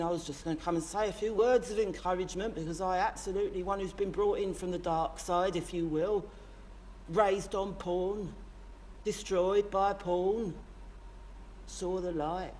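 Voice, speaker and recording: A woman's voice: mid-range voice, moderate pace, darkish tone, a little hiss or hum, natural voice. A woman playing a brash, sweary working-class London man in a comic monologue, rambling and impassioned, with a London accent. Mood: impassioned rant. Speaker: character monologist. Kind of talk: comic character monologue to camera.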